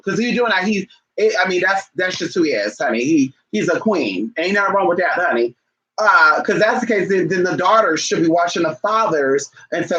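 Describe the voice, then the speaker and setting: A man with a high, bright voice talking casually to his camera. His manner is sassy and chatty, and he calls his listeners honey. He turns aside now and then to fuss at his pets. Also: expressive, a little fast, lo-fi sound. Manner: breaks off to scold and coax his pets. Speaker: vlogger.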